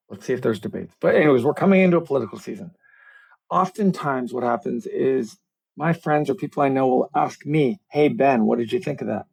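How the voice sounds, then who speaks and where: A man's voice: mid-range voice, vocal fry, husky, poor audio. A middle-aged man, a communications coach, speaking animatedly on a video call interview. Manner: animated, explanatory, self-deprecating. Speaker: communications coach, podcast guest. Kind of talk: conversational podcast interview.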